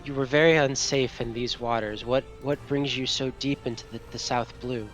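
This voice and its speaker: A man voicing a weary, courteous male dragon in a tabletop game, speaking in formal, halting sentences. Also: mid-range voice, fairly even intonation, soft background music, lightly acted. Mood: gracious. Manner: formal, halting, grateful speech. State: exhausted. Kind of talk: tabletop game role-play.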